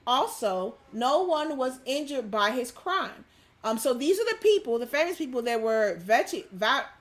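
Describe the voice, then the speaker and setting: Woman, young adult, livestream host, chatty, reads quotes aloud, fairly high voice. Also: a bit bright. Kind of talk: casual commentary, reading news aloud.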